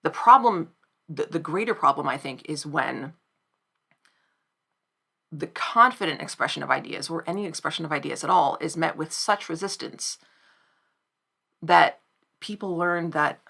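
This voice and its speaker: A woman giving reflective commentary to camera, thoughtful and measured, pausing now and then to find the right words. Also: sits low, lively intonation, vocal fry, sharp tone, breathy edge. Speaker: video essayist.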